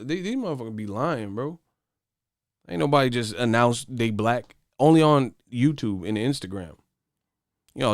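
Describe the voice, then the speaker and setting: A man hosts a boxing channel and rants to his viewers in loose, profane livestream talk. His voice is smooth and clear. The sound is dry and close to the mic. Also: medium pitch, moderate pace, no room sound. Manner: profane, animated ranting. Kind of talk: casual livestream chat.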